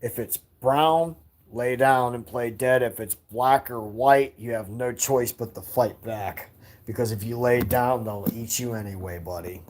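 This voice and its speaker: A man's voice: medium pitch, measured pace, slight background noise, poor audio. A man talking casually on a livestream at night from indoors by a window, rambling in an easygoing way and chuckling often. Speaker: livestream host talking to chat and his young son.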